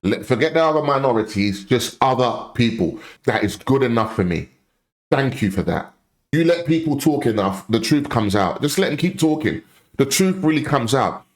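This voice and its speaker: Speaking in an expressive mid-range voice at a moderate pace, this male commentary host delivers an opinion rant responding to a clip. His manner is blunt and impassioned, and he hammers points home by saying them again.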